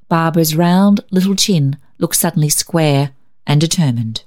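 A woman narrating a classic storybook in a measured, expressive reading. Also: deep voice.

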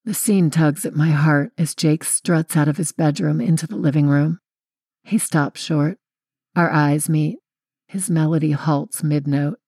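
A woman's voice: deep voice, steady tone, a little slow, mellow, dry recording, studio quality. A young woman reading a first-person audiobook in a wry, confiding way. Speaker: audiobook narrator.

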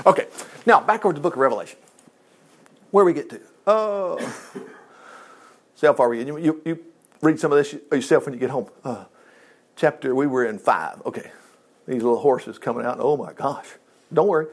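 A man's voice: medium pitch, animated, brisk, pauses often. An older man preaching a sermon, reading Bible verses aloud and commenting in a folksy, joking, conversational way.

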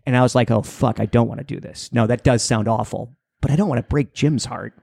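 A young man telling a long, rambling story on a casual podcast, jumping into high-pitched voices for the people in it. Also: brisk, creaky, a little mellow, breathy edge, no room sound, clean studio sound. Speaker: podcast co-host.

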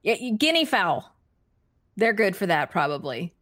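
A woman hosts a live stream, fielding chat questions in a casual, chatty, giggly manner, laughing often, restarting sentences, leaning on fillers, and poking fun at herself. Her mid-range voice swings widely in pitch, moves at a moderate pace, and sounds a bit bright. The studio-quality audio has no room sound.

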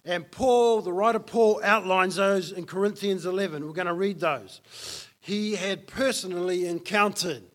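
A man's voice: high voice, normal speed, fairly bright tone. A man preaching a sermon as pastor, emphatic and fond of repeating key lines for effect.

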